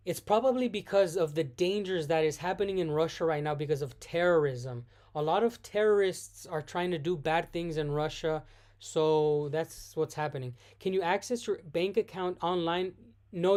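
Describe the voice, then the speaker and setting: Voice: mid-range voice, a little mellow. Live-streamer answering chat, self-correcting. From United States. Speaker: vlogger hosting a live stream. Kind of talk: casual live Q&A.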